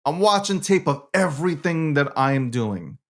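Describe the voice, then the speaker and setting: A man hosting his own show alone, talking brashly with lots of swearing, swinging from low muttering to loud ranting. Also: big pitch swings, normal speed. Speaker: show host. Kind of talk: animated solo monologue.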